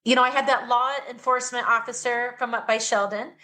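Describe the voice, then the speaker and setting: Woman guest on a podcast, bright slightly high voice, earnest and heartfelt. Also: steady tone, fairly quick. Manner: earnest, emotional, speaks with conviction. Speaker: guest, anti-trafficking advocate. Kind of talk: podcast interview.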